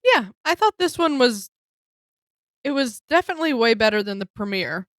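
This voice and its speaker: A woman's voice: fairly high pitch, moderate pace, dry recording, clean studio sound. A woman co-hosting a podcast, chatting casually about a comedy show and leading the segments. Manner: relaxed, laughs easily, leads the segments. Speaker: podcast co-host.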